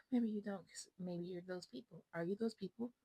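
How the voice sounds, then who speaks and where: A vlogger in her twenties talks casually to her phone camera at home, her medium-pitched voice moderately paced with a breathy edge. The recording is dry and poor; she rambles, frank and self-absorbed, often slipping into a whisper.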